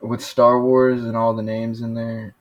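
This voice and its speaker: A young man with an everyday mid-pitched voice, a guest on a casual podcast. He talks in a relaxed, slangy way and trips over his own sentences. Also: measured pace, dull audio. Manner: laid-back slang, says dude and bro, many restarts. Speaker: podcast guest taking a quiz. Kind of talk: casual chat.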